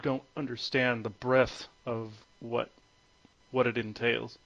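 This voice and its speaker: A man's voice: medium pitch, little pitch movement, slow pace, vocal fry, a bit bright. Hesitant man on muffled phone audio. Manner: hesitant, many fillers and restarts. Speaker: guest. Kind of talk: conference call interview.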